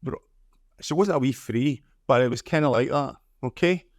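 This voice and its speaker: Recorded at studio quality with no room sound, a middle-aged Scottish conference speaker talks at normal speed in a mid-range voice. Chatty and humorous, he tells stories and frequently ends lines with "okay?".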